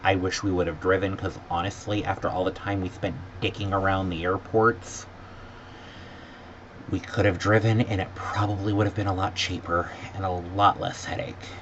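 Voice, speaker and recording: A man with a lowish voice rants about a trip gone wrong in an exasperated, sarcastic vlog. He sometimes mimics other people in a higher pitch. The audio is dull and lo-fi, with a faint noise underneath. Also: little pitch movement, moderate pace. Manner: sarcastic, mimics airline staff in high voices. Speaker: vlogger. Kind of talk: exasperated travel rant.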